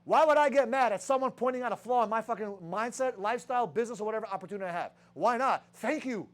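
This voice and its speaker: High-pitched swearing young sales boss. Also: male voice, animated, fast talker. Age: young adult. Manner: rhetorical questions, heavy swearing. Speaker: sales team leader. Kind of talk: profane motivational sales talk.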